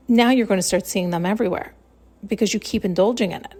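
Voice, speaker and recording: A woman's voice: medium pitch, fairly quick, darkish tone. A woman hosting a podcast, talking in a rambling, blunt, casual self-help monologue and swearing freely. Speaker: podcast host.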